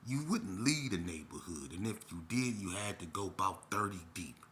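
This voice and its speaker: Forceful low-voiced man, rambling. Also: animated, moderate pace, slight background noise. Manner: blunt, streetwise, rambling with many restarts. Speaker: storyteller recounting his street past. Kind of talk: unscripted personal storytelling.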